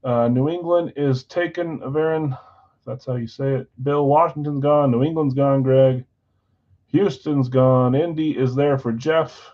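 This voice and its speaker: A man's voice: mid-range voice, steady tone, muffled recording. Man calling team picks on a livestream. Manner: rapid roll-call of names and teams, friendly apologies. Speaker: live card break host. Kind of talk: casual livestream chat reading team picks.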